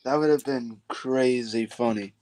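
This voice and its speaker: A man's voice: mid-range voice, measured pace, crowd noise. A man hosting a casual chat, who laughs often and reacts in short bursts.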